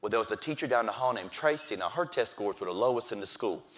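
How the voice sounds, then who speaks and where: A middle-aged man, a teacher, telling stories from his classroom with lively delivery and acting out the voices of kids and his principal. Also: on the low side, fast talker. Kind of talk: storytelling talk.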